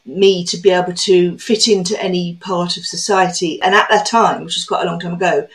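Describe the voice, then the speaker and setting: A woman hosting a podcast interview, reflective and chatty, telling her own stories at a brisk conversational pace. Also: lowish voice, fairly even intonation, rough recording. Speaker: podcast host.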